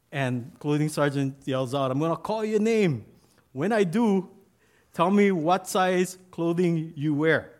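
A man giving a sermon as pastor, telling a story with asides and restarts. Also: medium pitch.

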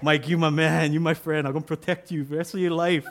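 A man's voice: medium pitch, takes it slowly, darkish tone, lightly acted. A man voicing a big, simple young male army recruit who talks plainly. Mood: happy.

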